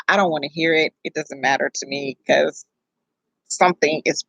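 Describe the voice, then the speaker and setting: A young woman tells a personal story in a casual, rambling way, full of profanity and self-corrections. Her voice is gravelly and a little husky, recorded close and dry with no room sound. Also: deep voice, normal speed, fairly bright tone, no room sound, highs cut off. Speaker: vlogger telling her birth story.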